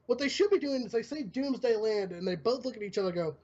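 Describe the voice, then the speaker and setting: A man's voice: very high-pitched, lively intonation, fast talker, darkish tone. Profane ranting man, lo-fi stream audio. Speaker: talk show host. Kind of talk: casual stream chat.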